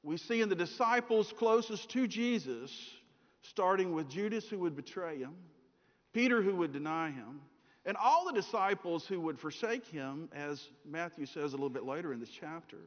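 A man's voice: a little high, expressive, normal speed. A middle-aged man preaching a sermon, telling stories and acting out the voices in them. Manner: storytelling, acts out voices in anecdotes. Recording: dull sound in a reverberant hall.

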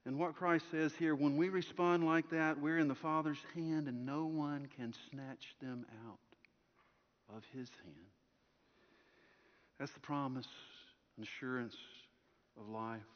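A male pastor with a somewhat high voice delivers a sermon to his congregation. He tells his story dynamically, pressing out loud one moment and dropping to a near-hush the next. The sound is dull and lo-fi, with a long reverb trailing off the church walls. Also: steady tone, takes it slowly. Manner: storytelling, swinging from strong projection to hushed softness.

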